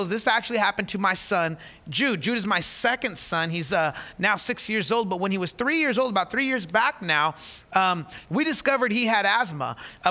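A man in his thirties, a pastor preaching a sermon and telling a story with lively, animated delivery, often repeating words as he restarts. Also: sits high.

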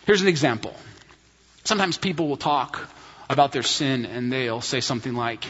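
A man's voice: medium pitch, normal speed, a bit bright, husky, big-room sound, dull audio. A man preaching a sermon as a pastor, emphatic and full of rhetorical questions.

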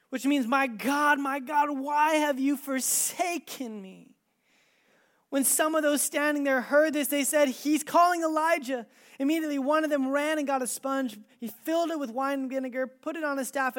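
Scripture is read aloud during this sermon by a preacher with a high-pitched voice. The drama builds to forceful, loud moments, then drops to near silence.

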